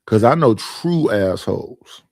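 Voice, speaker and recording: A man's voice: fairly low pitch, lively intonation, unhurried, gravelly, darkish tone, dry recording, studio quality. A man hosting his own stream, arguing his points emphatically and repeating them in a casual monologue. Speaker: streamer and panel host.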